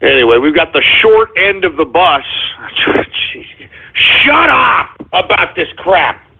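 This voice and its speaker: A man hosting a talk radio show, ranting and swinging from calm talk to angry shouting. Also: sits high, takes it slowly, gravelly, a little hiss or hum. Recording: muffled phone-like internet radio audio.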